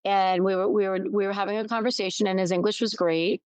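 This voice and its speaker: A woman's voice: medium pitch, fairly even intonation, fast talker, a little mellow, clear, resonant tone, no echo. A middle-aged woman hosting a solo podcast, telling a personal story candidly, with restarts and emphatic repetition. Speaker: podcast host. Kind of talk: reflective solo podcast talk.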